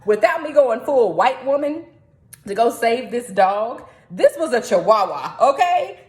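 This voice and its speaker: A young adult woman vlogging in a chatty, animated way, often jumping up into high squeals. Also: measured pace. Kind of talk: casual talking-head vlog. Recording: echoey room.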